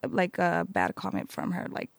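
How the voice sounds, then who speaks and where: Young woman with a gravelly, hesitant voice. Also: lowish voice, very animated, normal speed, no room sound, studio quality. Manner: hesitant, searching for words, laughs often. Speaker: interviewee, farm worker and mother. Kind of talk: casual interview.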